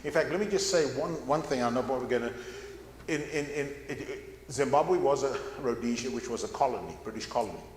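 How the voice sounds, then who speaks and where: A man's voice: mid-range voice, fairly quick, reverberant, big-room sound, slight background noise. An older man giving a folksy, rambling Bible class talk, often repeating words as he goes. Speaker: guest speaker at a Bible class. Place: church classroom.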